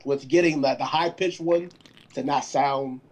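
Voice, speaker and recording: A man producing beats, talking in a soft-spoken, halting way on a call. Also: on the high side, fairly even intonation. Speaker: beat producer, guest. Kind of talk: casual chat on a call.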